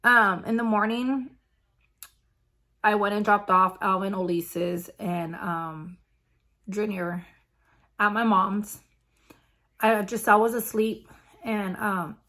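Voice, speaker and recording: A woman recounting her own story in a casual vlog. She talks in a halting, unpolished way, stopping to restart and filling gaps with small hesitations. Her voice sits at an ordinary middle pitch. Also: a bit bright. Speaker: vlogger.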